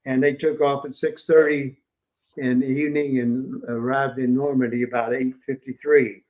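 At a museum, an older man with a West Virginian accent gives an informal history lecture, halting often with fillers and restarts. His mid-range voice stays level, and the sound is lo-fi.

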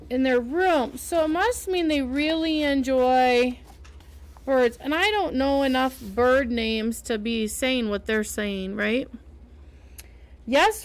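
A woman reading a picture book aloud and pausing to explain the pictures to young listeners. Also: sits high. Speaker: storyteller.

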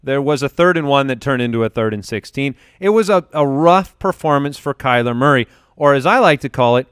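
A man's voice: medium pitch, expressive, fairly quick, a bit bright, smooth, no room sound, clean studio sound. A man hosting a podcast in casual chat, upbeat and joking as he runs the show. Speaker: podcast host. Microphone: studio podcast mic.

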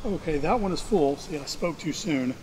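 Chatty beekeeper man, slightly high voice. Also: lively intonation, normal speed, darkish tone. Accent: mixed Georgia and Ohio. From Ohio. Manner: chatty, thinking aloud, self-mocking. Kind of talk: casual narration while working hives. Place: outdoors among beehives. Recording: noisy outdoor recording with bee buzz. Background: buzzing bees and outdoor ambience.

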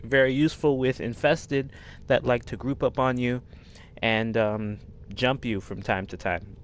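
A man's voice: medium pitch, steady tone, unhurried. A man hosting a casual game walkthrough, rambling and poking fun at himself. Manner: rambling, self-deprecating. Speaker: gaming video host.

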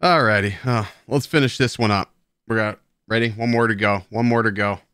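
A man's voice: fairly low pitch, fairly quick, fairly bright tone, clear, resonant tone, no echo, studio quality. A man hosting a live stream, chatting casually and rambling with self-mocking banter toward his viewers, tipsy and playful. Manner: tipsy and playful while drinking beer. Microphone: headset at a streaming desk.

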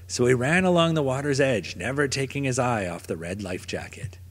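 Lively, husky male storybook narrator. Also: mid-range voice, moderate pace, few pauses. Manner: gentle, expressive storytelling. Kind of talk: children's story read aloud. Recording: long reverb.

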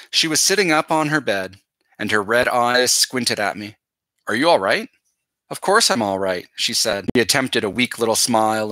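A male teacher reading a novel aloud to his class in a steady, measured voice. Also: lowish voice, dry recording.

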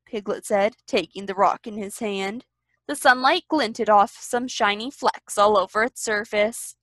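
A woman from a library reading a children's storybook aloud in an expressive, sing-song way. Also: medium pitch, unhurried, no echo.

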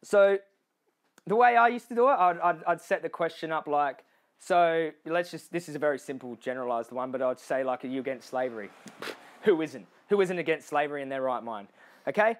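A man's voice: a little high, moderate pace. A man with an Australian accent giving a motivational speech to a crowd. He addresses the listeners directly, often checking in with "okay?" and "you know", and he acts out other people's lines in changed voices.

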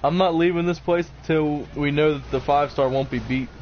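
A man streaming a game with a friend, excitable and laughing often as he cheers the team on. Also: fairly high pitch, normal speed. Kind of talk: casual gameplay chat with a friend. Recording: dull lo-fi stream audio with faint hiss.

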